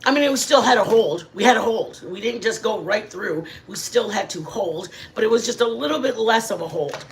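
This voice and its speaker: A middle-aged woman hosting a casual livestream from her living room, telling rambling, animated stories to her chat. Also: a little high, a little fast, gravelly, slight background noise. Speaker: channel host.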